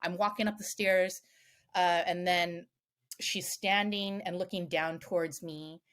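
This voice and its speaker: A middle-aged woman telling a personal story as a podcast guest, animated, swearing freely and acting out other people's voices. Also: on the low side, a little slow. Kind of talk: candid storytelling.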